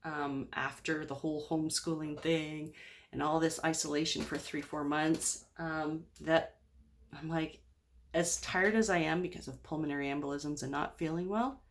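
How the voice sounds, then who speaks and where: A woman's voice: low-pitched, fairly even intonation, moderate pace. A woman speaking candidly in a personal video diary, open and rambling with lots of fillers. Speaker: vlogger.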